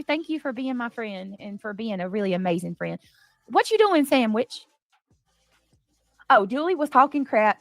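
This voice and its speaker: A woman's voice: high voice, no room sound. Lady chatting on her livestream, gushy with the chat, dry close sound. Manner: chatty, effusive, greets viewers from chat. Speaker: livestream commentary host.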